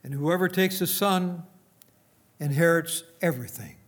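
Slow-telling, slightly high male preacher. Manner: tells an illustration story, then drives the point home. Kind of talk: sermon storytelling.

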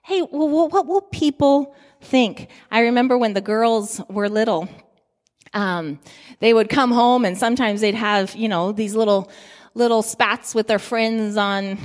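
A woman's voice: a little high, long reverb tail. A middle-aged woman giving a sermon, telling stories in a conversational way with many fillers. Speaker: pastor.

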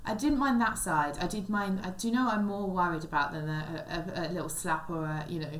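A woman's voice: on the low side, fast. A young woman and comedian, chatting on a podcast and telling a long story in a rambling way, with many restarts. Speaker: podcast co-host and stand-up comedian. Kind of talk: casual chat, storytelling. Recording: echoey room, faint background noise.

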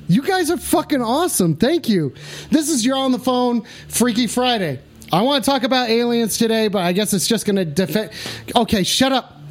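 A man hosting a rowdy, profane livestream, swinging between manic yelps and low mumbling asides. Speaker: livestream host.

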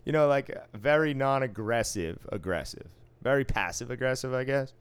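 A man's voice: mid-range voice, normal speed, smooth. A man casually telling a work story from the casino floor, profane and wry, acting out the exchanges he quotes.

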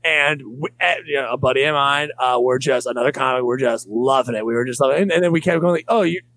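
A man's voice: medium pitch, fast talker, fairly bright tone. A man, a comedian, rambling and joking crudely in casual podcast chat, with many restarts.

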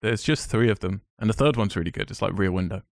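A man's voice: on the low side, quick pace, gravelly, no echo, clean studio sound. A man co-hosting a podcast, chatting about films with enthusiasm and a rambling, restarting way of talking. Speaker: podcast co-host. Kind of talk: casual film chat.

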